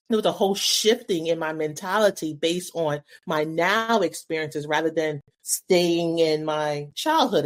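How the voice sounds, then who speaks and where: Lower-voiced woman musing reflectively. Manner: reflective, quick bursts, rhetorical questions. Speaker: podcast co-host. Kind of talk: casual conversational podcast chat.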